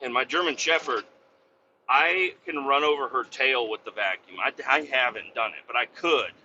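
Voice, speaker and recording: A man's voice: medium pitch, normal speed, bright, forceful tone, dull audio, slight background noise. A man hosting a podcast, talking in a casual, rambling, profane monologue full of fillers. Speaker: podcast host.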